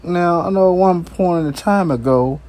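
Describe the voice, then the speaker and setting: A man's voice: sits high, normal speed, darkish tone. A male talk show host rambling through an unscripted solo monologue, crude and profane, chuckling between his remarks.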